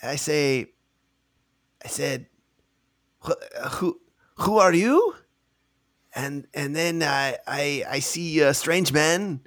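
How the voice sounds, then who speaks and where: A man's voice: a little high, expressive, a bit bright, exaggerated voice. A man playing a stammering, bewildered ghost with a put-on Russian accent. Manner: halting, stammering, lost. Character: confused newly dead male specter. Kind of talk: tabletop role-play voice acting.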